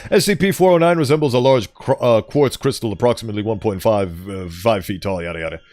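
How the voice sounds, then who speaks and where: A man streams a casual reading of horror articles, slipping into playful, joking asides. His lowish voice is a little mellow and he talks fast, with faint music in the background.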